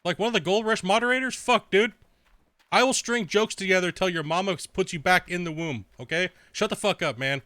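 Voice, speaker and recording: A man's voice: sits high, fairly quick, sharp tone, dry recording. A young man streaming a video game in casual chat, trash-talking with heavy profanity, laughing often and rambling with filler words.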